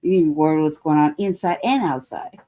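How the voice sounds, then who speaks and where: A woman's voice: low voice, quick pace, dark tone. A woman with an American accent hosting a show, ranting in heated, profane commentary that circles back on itself. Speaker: show host.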